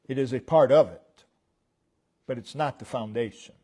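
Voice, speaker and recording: In a church, a pastor preaches a sermon deliberately, stressing key words loudly and then dropping his voice low at the ends of phrases. His delivery is emphatic, swinging sharply between loud stresses and quiet drops.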